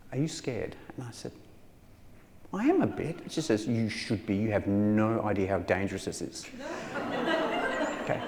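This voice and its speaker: A man's voice: on the low side, a little mellow, a little hiss or hum. A man giving a public talk as a taxidermist, telling a wry, self-deprecating story. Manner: wry, self-deprecating, acts out quoted voices. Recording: hall reverb with faint ambience.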